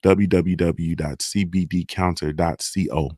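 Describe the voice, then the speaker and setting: A man's voice: deep voice, fairly even intonation, unhurried, darkish tone, dry recording, clean studio sound. A man hosting a casual solo morning show, talking in a laid-back way with lots of "man" and "you feel me" as he reads sponsor plugs. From Ohio.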